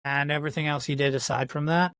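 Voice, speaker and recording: A man's voice: on the high side, fairly even intonation, fast talker, a bit bright, smooth, dry recording. A man from Yorkshire putting on an American accent as a podcast co-host, chatting in sweary, self-mocking banter. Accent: put-on American accent. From Yorkshire, England. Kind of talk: casual podcast chat.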